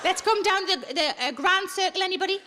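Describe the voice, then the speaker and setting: Woman stand-up comic, very high voice, blunt and sweary, loud live theatre noise. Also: fast talker. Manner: blunt, sweary, chatty crowd work. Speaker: stand-up comedian. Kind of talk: live stand-up with audience banter. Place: large theatre on stage. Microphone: handheld stage microphone. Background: audience laughter.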